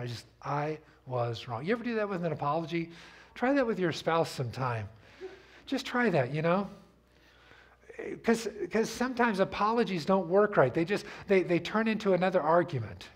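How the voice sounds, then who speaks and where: A man preaching a sermon as pastor, telling stories in a conversational way and asking the congregation to repeat after him. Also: fairly high pitch. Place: church sanctuary.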